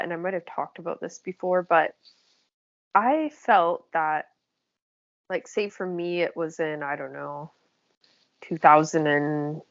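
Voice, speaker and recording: A woman's voice: low voice, gravelly, dry recording, dull audio. A woman hosting a casual spiritual chat, reflective and hedging, laughing often. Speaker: host and spiritual guide.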